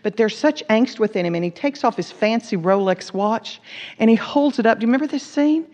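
A woman's voice: a little high, expressive, brisk, darkish tone. A woman teaching a sermon, earnest and emphatic, repeating words for stress. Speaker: Bible teacher. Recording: dull recording with long hall reverb.

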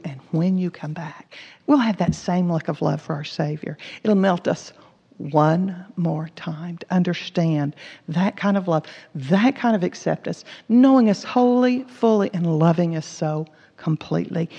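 Gravelly woman preaching in a hall. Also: on the low side, dark tone. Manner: earnest, emphatic, repeats words for stress. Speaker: Bible teacher. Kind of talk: sermon. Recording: dull recording with long hall reverb.

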